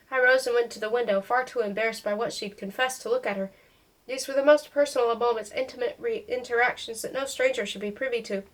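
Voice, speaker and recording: A woman's voice: a little high, rough recording. A woman reading a novel aloud in first-person narration, voicing the dialogue as she goes. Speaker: audiobook reader.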